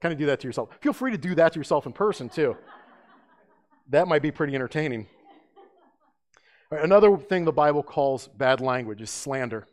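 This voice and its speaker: A man's voice: fairly high pitch, expressive, brisk, long pauses. A man preaching an emphatic sermon as pastor, asking his listeners rhetorical questions.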